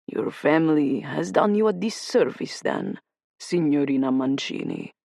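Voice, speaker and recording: Woman doing a slow Italian-accented crime boss. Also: low voice, sing-song, gravelly, a little mellow, no room sound, studio quality, exaggerated voice. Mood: menacing. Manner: slow, deliberate, commanding. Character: older Sicilian crime boss, cold and menacing.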